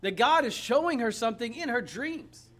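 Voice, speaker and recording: High-voiced man preaching a sermon. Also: lively intonation, moderate pace, a bit bright. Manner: emphatic, with rhetorical questions to the congregation. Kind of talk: expository sermon reading scripture.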